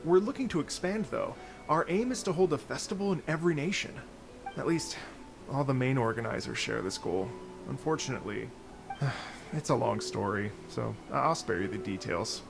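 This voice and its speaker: An actor playing a gentle, courteous traveling musician who speaks softly and tells stories at length. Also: male voice, mid-range voice, animated, normal speed, creaky, over music. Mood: storytelling. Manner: soft-spoken, storytelling.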